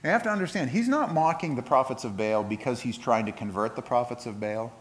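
A man preaching a sermon in a conversational way, retelling scripture with lively asides and frequent restarts. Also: medium pitch, quick pace. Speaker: pastor.

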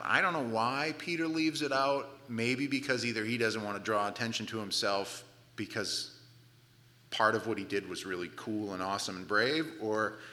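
A man preaching a sermon, retelling a scripture story with lively asides and acted-out moments. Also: lowish voice, in a large hall. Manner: animated storytelling, acts out the scene, casual asides. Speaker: pastor.

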